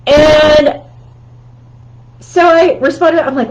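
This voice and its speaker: A chatty woman gives tips in a high, unhurried voice. She laughs a lot and keeps checking in with "right?". The sound is a bit dull and lo-fi. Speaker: host. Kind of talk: casual talk giving communication tips.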